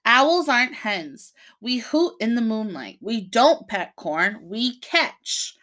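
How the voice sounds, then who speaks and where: A fed-up young male owl, as a woman reading aloud puts him on, hoots and protests that he is no hen. His voice is raised and bright, with an indignant manner. It has a storybook feel. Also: on the high side, animated, takes it slowly, pitched above the performer's own voice. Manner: indignant, hooting.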